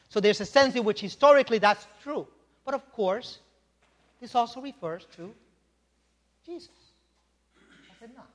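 A male pastor with a fairly high voice delivers a sermon in a church sanctuary, and a long hall reverb trails his words. He teaches conversationally, breaking off for asides and checking in with the congregation.

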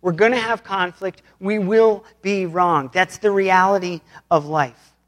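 This pastor's sermon is unhurried and conversational, pitched in the middle range. Plainspoken throughout, the pastor recasts an ancient parable in modern everyday language while addressing the congregation directly.

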